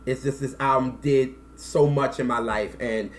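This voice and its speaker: Man, thirties, casual storytelling to camera, slangy, lively, emotional. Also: medium pitch, moderate pace. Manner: animated, acts out quotes, slangy. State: emotional, close to tears. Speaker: music vlogger.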